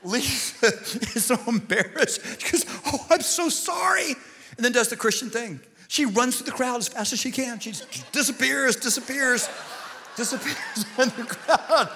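Male pastor, comic sermon storyteller, bright voice, long hall reverb. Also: extremely high pitch, normal speed. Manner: animated, comic storytelling with shouted punchlines.

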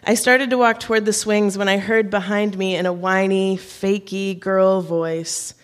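A woman's voice: medium pitch, little pitch movement, measured pace. Woman telling a wry personal story. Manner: wry and self-mocking, with light laughs. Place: on stage before an audience.

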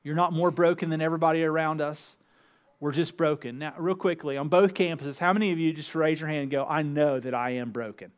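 A man's voice: a little high, steady tone, quick pace, clear, resonant tone. A man preaching a conversational sermon in church, acting out the voices of the psalm with rising emotion. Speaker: pastor. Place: church with two campuses.

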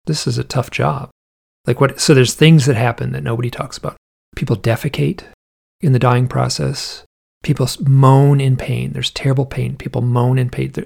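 Gravelly, husky man telling a story. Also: mid-range voice. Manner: animated, vivid, rambling with restarts. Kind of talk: casual storytelling.

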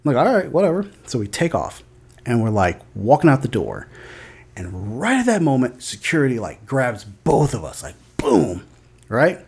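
A man's voice: medium pitch, sing-song, normal speed, a little mellow, slightly rough. A man in his thirties co-hosting a podcast, telling a loose, profane anecdote with lots of fillers. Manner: loose storytelling with frequent swearing and fillers. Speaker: podcast co-host. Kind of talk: casual chat and anecdote.

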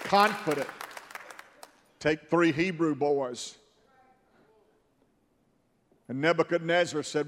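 A man's voice: on the high side, a little slow, pauses often, fairly bright tone, some chatter behind. A man preaching a sermon in a folksy storytelling way that builds to fervor. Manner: folksy storytelling, rising to fervent. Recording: long reverb of a large hall.

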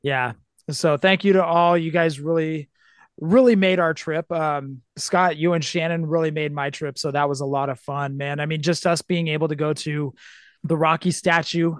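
A man co-hosting a podcast, sick with a cold, with a raspy voice and a laid-back, agreeable way of talking. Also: fairly high pitch, steady tone, moderate pace, no room sound, clean studio sound. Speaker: podcast co-host. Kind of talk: casual chat.

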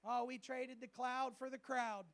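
High-pitched gravelly male preacher. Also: unhurried. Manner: energetic, humorous preaching that acts out quoted voices. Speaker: pastor. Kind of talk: sermon. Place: church service.

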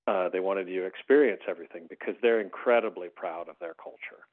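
An American man telling stories in a casual conversation as a podcast guest, his voice jumping up high when he makes a point. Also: fast. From United States. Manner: animated storyteller, voice rising high on emphasis. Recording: tinny phone-line sound.

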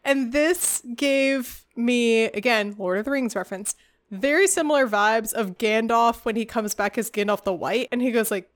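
A woman co-hosting a podcast, retelling a film in lively casual chat with laughs, recorded with static-y audio. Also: on the high side, normal speed. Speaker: podcast co-host.

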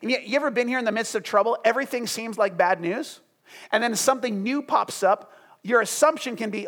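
A high-voiced man preaches a sermon with passion. He drops to soft, hushed lines and then climbs back up loud and fervent. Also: brisk. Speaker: pastor.

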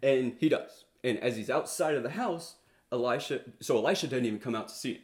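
A man's voice: mid-range voice, a little fast, darkish tone. A man preaching a sermon in a casual, conversational way, retelling a story with many fillers and restarts and acting out the quotes.

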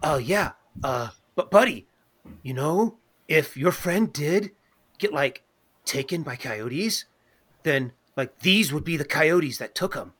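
A man's voice: a little high, lively intonation, takes it slowly, fairly bright tone, husky, exaggerated voice. A man voicing a small male squirrel who talks in a rambling, hesitant way full of fillers. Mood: coaxing. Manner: rambling, full of likes and ums.

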